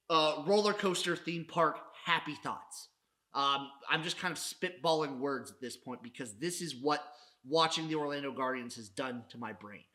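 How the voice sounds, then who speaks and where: Brief: male sports podcast host, profane mock-dramatic ranter, bright tense voice. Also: on the high side, moderate pace. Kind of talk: casual sports recap rant.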